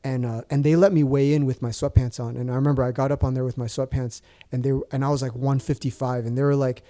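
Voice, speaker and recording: A man's voice: mid-range voice, flat delivery, quick pace, mellow. A man in his forties, a podcast guest telling a story in casual chat, rambling with restarts and fillers.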